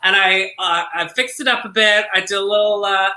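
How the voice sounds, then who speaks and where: Drag show co-host, campy and gushing, bright tone, roomy echo. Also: male voice, high voice, steady tone, moderate pace. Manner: campy, gushing, laughs a lot. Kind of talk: casual live-stream chat.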